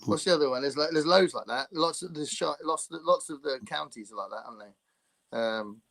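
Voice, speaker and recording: Speaking at a normal pace with a slightly high, fairly bright voice and some vocal fry, this podcast co-host banters through a casual livestream. He's jokey, reads out viewer comments, and mimics people playfully.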